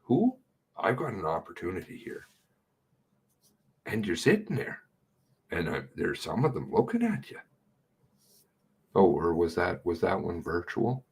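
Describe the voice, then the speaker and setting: A middle-aged man talks through a livestream in loose running commentary, blunt and sarcastic. His voice sits very low and sounds husky and rough. He swears without a second thought. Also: big pitch swings, a little slow, pauses often.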